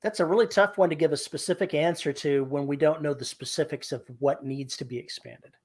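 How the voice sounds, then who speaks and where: With a fairly high, somewhat mellow voice and a slightly fast pace, this man co-hosts a podcast on writing. He keeps the conversation casual, acting out quotes as he recounts a scene.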